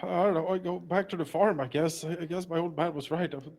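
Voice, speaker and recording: A man's voice: fairly high pitch, steady tone, quick pace, a little mellow. A man playing a stammering, panicky young failed actor. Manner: stammering, babbling and anxious. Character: nervous young male failed actor turned bandit. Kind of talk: tabletop role-play voicing.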